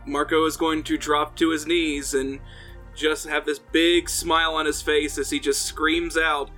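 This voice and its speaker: Bright-voiced male player narrating his character. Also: fairly high pitch, little pitch movement, measured pace, faint music behind.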